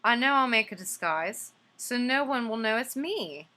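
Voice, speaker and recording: A woman voicing a soft, cuddly bear who is fed up with being hugged, in a weary, sighing tone. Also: a little high, expressive, normal speed, voice pushed up.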